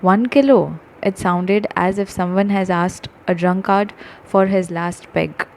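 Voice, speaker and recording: Woman reading an audiobook, low-ish voice, steady, faint hiss. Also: a little slow, rough recording. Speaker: audiobook narrator. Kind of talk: audiobook narration.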